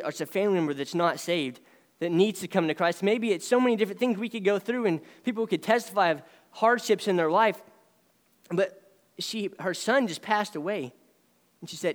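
A man preaching a sermon, earnest and emphatic, swinging between raised lines and quiet ones. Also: high voice, long reverb tail. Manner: earnest, rising and dropping emphasis.

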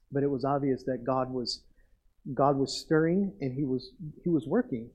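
A man's voice: mid-range voice, moderate pace, a little mellow, poor audio. A middle-aged male pastor preaching a sermon in an earnest way, repeating phrases for emphasis.

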